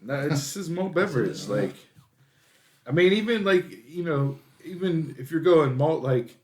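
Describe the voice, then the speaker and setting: A man in his thirties chatting casually as a podcast co-host. He tells stories with animated energy and gets louder and higher when he reaches a punchline. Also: measured pace. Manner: animated storytelling, rising excitedly at punchlines.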